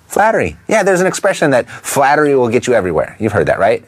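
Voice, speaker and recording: A man at a middle pitch coaches real estate investors, his voice rising and falling in a lively way. He talks straight to the listener, checking in with rhetorical questions as he lays out his tips. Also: fast talker, breathy edge. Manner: briefly imitates a Texan twang. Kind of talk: instructional talk to camera.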